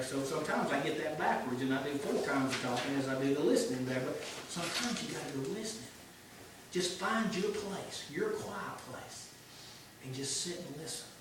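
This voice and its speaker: A man with a drawl preaches to a church class in a folksy, earnest way. His voice sits a little high. It is picked up from far off in a very echoey room, with a steady hiss of noise underneath. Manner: earnest and folksy, swinging between hushed and emphatic. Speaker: church teacher. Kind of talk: informal sermon.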